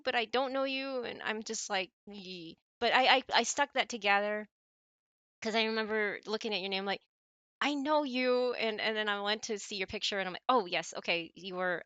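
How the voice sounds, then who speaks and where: A woman's voice: mid-range voice, pushed and bright, dry recording. An American woman streaming games, chatting casually with viewers and rambling with frequent restarts and self-corrections. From United States. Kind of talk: casual gaming stream chat.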